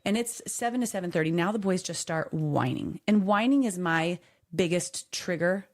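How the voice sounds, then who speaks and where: A woman's voice: fairly low pitch, moderate pace. A woman co-hosting a podcast, telling a candid story in casual chat and acting out quotes in a raised voice. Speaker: podcast co-host.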